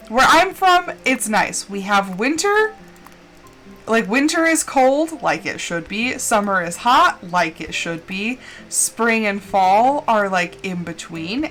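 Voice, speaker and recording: Playing a farming game on stream, this woman chats casually and spins a meandering tale laced with fillers and mock drama. She speaks in a medium-pitched, slightly bright voice.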